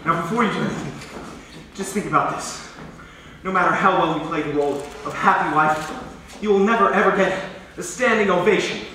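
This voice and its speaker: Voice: mid-range voice, a little fast, pushed and bright, a little hiss or hum. An actor playing a drily knowing figure in an amateur stage musical. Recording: echoey theatre from far off.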